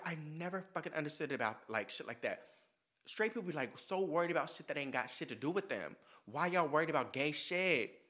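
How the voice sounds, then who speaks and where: Bright-voiced sassy male podcast host. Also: fairly high pitch, fairly quick. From United States. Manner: sassy, profane, animated storytelling. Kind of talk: casual monologue.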